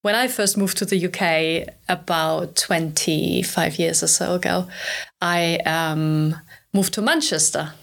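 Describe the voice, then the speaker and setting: A woman's voice: lowish voice, fairly even intonation, slow pace, creaky. A middle-aged woman with a German accent chatting casually about language learning, laughing often and asking tag questions.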